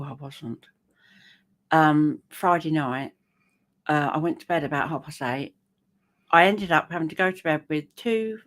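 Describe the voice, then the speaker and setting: An older woman with a notably low voice chats with her daughter on a live stream. She talks in a homely, storytelling way. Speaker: co-host, the host's mother. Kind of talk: casual chat.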